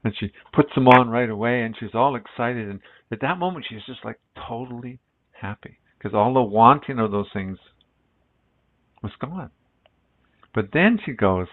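A middle-aged man giving a relaxed spiritual talk as a meditation teacher, rambling and reflective with many restarts, heard on lo-fi phone-like audio. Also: medium pitch, moderate pace.

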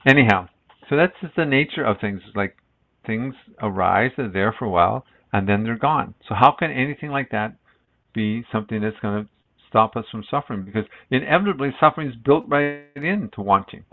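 A middle-aged man, a meditation teacher, gives a relaxed spiritual talk that is rambling and reflective, full of restarts. His mid-range voice moves briskly, and the audio is lo-fi and phone-like.

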